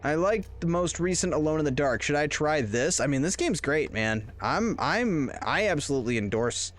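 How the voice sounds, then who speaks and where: A man's voice: a little high, animated, moderate pace. A man streaming a horror game live, rambling and joking as he plays and chatting with his viewers. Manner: rambling, jokey, talks to chat. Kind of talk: casual live-stream commentary.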